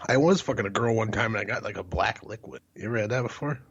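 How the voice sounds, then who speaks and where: Husky low-voiced man telling crude stories. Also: quick pace, fairly bright tone, highs cut off. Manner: rambling, profane, laughs through his stories. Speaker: podcast co-host. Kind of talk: crude casual storytelling.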